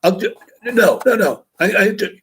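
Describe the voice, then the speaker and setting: A man's voice: high voice, animated, moderate pace, fairly bright tone, breathy edge, pitched above the performer's own voice, exaggerated voice. A man voicing an upset, impatient male chess hustler who keeps exclaiming and pleading.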